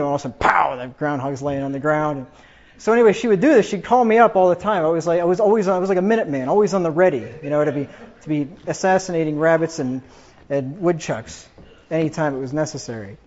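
A man's voice: a little high, a little mellow. A man casually telling rambling family anecdotes, chuckling as he goes. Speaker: storyteller. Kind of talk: casual personal storytelling. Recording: dull lo-fi recording.

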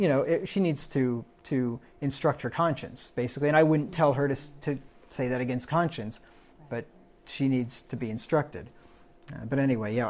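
A man's voice: medium pitch, darkish tone. Conversational preacher man teaching scripture. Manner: conversational, quotes scripture, asks the room "right?". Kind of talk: Bible-study sermon.

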